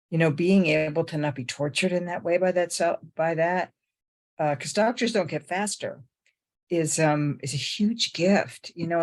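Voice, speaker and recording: An older woman, ill with pneumonia, giving a rambling, candid, self-deprecating personal share at a recovery meeting. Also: low voice. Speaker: meeting member sharing.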